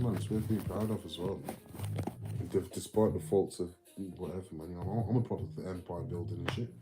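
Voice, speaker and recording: With loud music and background noise behind him, a low-voiced man from England rambles on a livestream in a casual rant, swearing often and ending lines with "man" and "mate."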